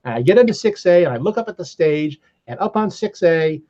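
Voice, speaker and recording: An older man, a podcast guest, telling stories in a relaxed, animated way, laughing now and then. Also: fairly high pitch, brisk. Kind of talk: casual storytelling. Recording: slightly dull lo-fi sound.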